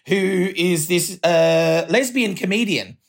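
A woman's voice: lowish voice, takes it slowly. Chatty Australian woman guest. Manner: candid and chatty, laughs while talking. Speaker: podcast guest. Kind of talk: casual podcast chat.

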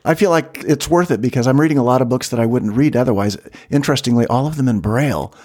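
A man's voice: mid-range voice, fast, a little mellow. A man co-hosting a comedy podcast, spinning absurd bits with a dry, mock-serious delivery. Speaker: podcast co-host. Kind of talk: comedic improvised podcast banter.

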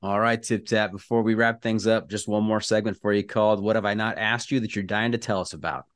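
A man hosting a podcast, chatting with his guest in a relaxed, affirming way. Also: fairly low pitch, fairly quick, no room sound, studio quality. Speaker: podcast host. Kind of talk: casual interview chat.

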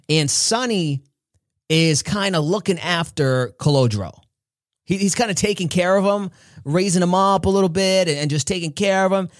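A man from New York giving an earnest, preachy motivational talk with frequent laughs. His voice sits high, and the recording is dry and close. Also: no room sound. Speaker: podcast host, motivational speaker.

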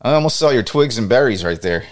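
A man's voice: mid-range voice, animated, fairly quick. A man in a loose, jokey baseball chat whose voice swings up and down. He laughs between lines and keeps the tone easy and playful. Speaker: podcast co-host. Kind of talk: casual sports chat.

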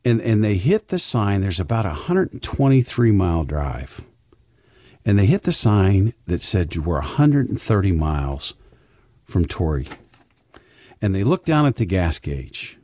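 A middle-aged man with a very low voice that rises and falls in a lively way as he tells a folksy story. He repeats words as he restarts his sentences. His voice is recorded close and dry. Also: unhurried, dry recording. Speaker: financial advisor guest. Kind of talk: casual chat with storytelling.

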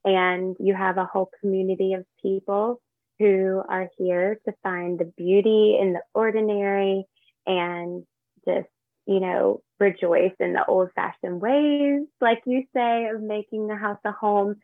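Gentle woman guest, kinda gravelly, dry phone-like sound. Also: medium pitch, level tone, unhurried, no echo. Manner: heartfelt, gentle, searching for words. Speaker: podcast guest. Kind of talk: casual interview chat. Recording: dry tinny phone line.

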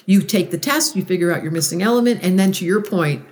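A woman guest in a conversational interview, expressive, acting out moods as she explains ideas. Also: quick pace. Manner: expressive, acts out moods with big pitch swings. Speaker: astrologer guest.

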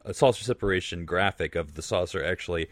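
A man's voice: deep voice, fast talker, no room sound, studio quality. A man co-hosting a podcast in casual chat. He thinks aloud hesitantly and laughs now and then. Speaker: podcast co-host.

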